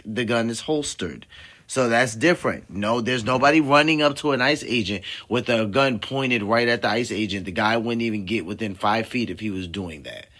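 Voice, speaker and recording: A man's voice: on the low side, a bit bright. A man hosting a livestream, commenting casually and conversationally, rambling with many fillers. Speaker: livestream host. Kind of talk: casual reaction stream commentary.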